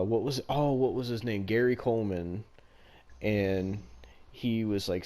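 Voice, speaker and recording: A man's voice: on the low side, dark tone. A man co-hosting a podcast, recapping a wrestling show in casual, rambling, profane chat and laughing often. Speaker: podcast co-host.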